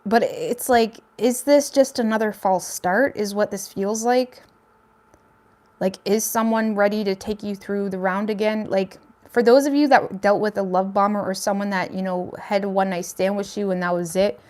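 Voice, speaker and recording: A woman's voice: mid-range voice, steady tone, moderate pace, darkish tone. A woman hosting a casual tarot reading, talking straight to her viewers in a chatty way and often hedging with "I feel like.". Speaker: tarot reader.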